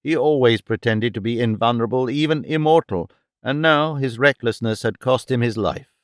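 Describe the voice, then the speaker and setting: A man narrating a detective story in the first person, even and clear. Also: medium pitch, moderate pace, no room sound, clean studio sound. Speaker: audiobook narrator.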